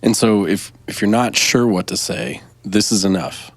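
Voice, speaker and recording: A man's voice: lowish voice, fairly even intonation, normal speed, gravelly, no echo. A man co-hosting a podcast, moving the conversation from one topic to the next. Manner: steering, moves the talk along to the next topic. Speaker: podcast co-host. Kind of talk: casual faith-based discussion.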